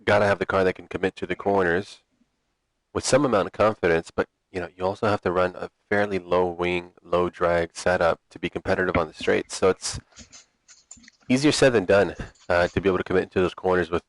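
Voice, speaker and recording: A man commentating an online sim racing league, relaxed and chatty with a teasing edge. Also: sits low, fairly quick, no room sound. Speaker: race commentator.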